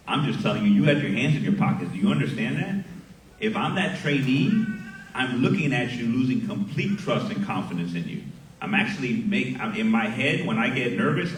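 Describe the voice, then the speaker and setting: A middle-aged sergeant major from Miami giving a graduation speech at a ceremony, speaking into a podium microphone and telling a story with lively acted dialogue. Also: male voice, mid-range voice. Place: large hall at a graduation ceremony. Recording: echoey hall heard from far off.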